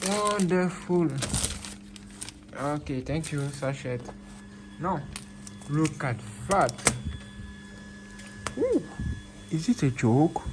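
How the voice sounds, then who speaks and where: Male vlogger, slow excitable unboxing delivery, phone-recorded with a noisy background. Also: on the high side. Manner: excitable, repeats himself, exclaims in disbelief. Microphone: phone camera.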